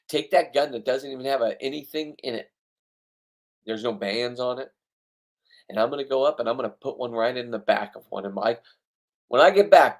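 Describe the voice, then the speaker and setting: A man rants through a voice-over of his own fishing video, blunt and boastful with plenty of swearing. His voice sits at an ordinary middle pitch. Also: moderate pace. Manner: blunt, profane, ranting, boastful. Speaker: fishing vlogger.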